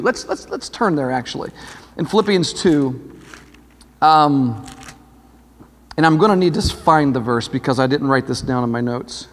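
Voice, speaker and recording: A man with a notably high voice delivers a sermon to his congregation. He talks in a loose, conversational way and keeps turning to the listeners with questions. His words ring out with a long reverb from the church hall. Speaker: pastor. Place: church sanctuary.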